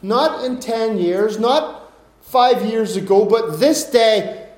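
A man's voice: high-pitched, takes it slowly, darkish tone, echoey room. A man preaching a sermon in an earnest way, often repeating and restarting his words.

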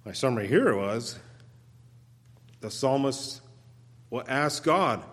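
A man preaching a sermon as a guest preacher, in an earnest manner that swells into loud pleading when he voices the psalmists' cries, with occasional restarts. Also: medium pitch, takes it slowly, long reverb tail. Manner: occasional restarts and repeated words. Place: church sanctuary.

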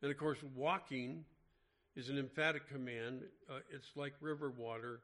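A man teaching scripture in a relaxed, conversational sermon. He often restarts his sentences as he explains, and his voice sits at a medium pitch. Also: moderate pace. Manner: conversational, frequent restarts and filler words. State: mentions having an irregular heartbeat. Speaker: Bible teacher. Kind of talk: informal Bible study sermon.

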